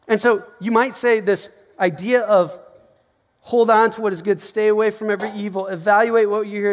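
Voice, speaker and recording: A man preaching a casual, conversational sermon as pastor, acting out little scenes and quotes. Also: sits high. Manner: conversational, animated, acts out quotes with laughs. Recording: long hall reverb.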